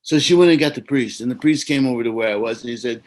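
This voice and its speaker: Over a video call, an Orthodox priest from the United States shares a personal story in a gentle, reflective, preacherly manner. He has a mid-range voice and talks fast, and the recording quality is rough.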